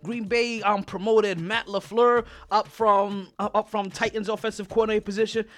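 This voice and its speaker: A man's voice: sits high, level tone, normal speed, fairly bright tone. A man hosting a sports podcast, ranting in a heated, profane way and stumbling over repeated words when riled up. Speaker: podcast host. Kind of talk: sports rant.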